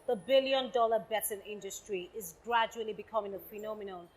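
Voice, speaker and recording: A woman's voice: mid-range voice, brisk, low-quality recording. Woman reading a news report.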